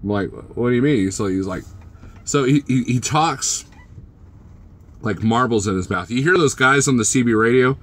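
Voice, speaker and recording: Rambling trucker chatting with viewers. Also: male voice, mid-range voice, moderate pace, long pauses, a bit bright. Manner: rambling, joking, teasing viewers by name. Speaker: trucker vlogger reading live chat. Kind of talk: casual live-stream chat.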